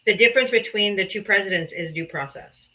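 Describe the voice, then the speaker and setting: Bright-voiced woman hosting a heated debate. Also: medium pitch, a little fast, low-quality recording. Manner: mocking, theatrical, blunt. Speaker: debate host. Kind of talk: live political debate.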